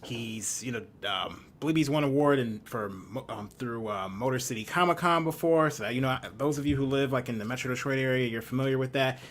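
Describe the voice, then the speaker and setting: A man's voice: mid-range voice, fairly quick, hardly any pauses, fairly bright tone, a little hiss or hum. A man hosting a casual interview stream, easygoing and a little hesitant as he reads out announcements. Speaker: host.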